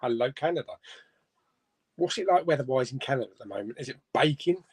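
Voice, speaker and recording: A man's voice: mid-range voice, animated, fast talker, husky, no room sound. A man hosting a casual live stream, reading viewer comments aloud and chuckling between them. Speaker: host of a live chat stream. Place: home room.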